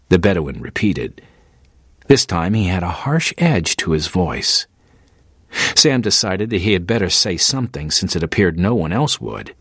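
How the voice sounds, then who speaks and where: A man narrating an audiobook in a measured storytelling manner. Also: deep voice, animated, fairly bright tone, slightly rough, no echo, studio quality.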